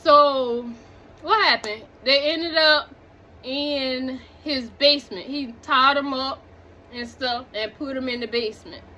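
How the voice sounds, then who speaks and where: A woman recapping a movie in casual chat, animated and talking straight to her viewers, drifting off on tangents. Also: high-pitched, slow pace, slight background noise. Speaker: movie reviewer.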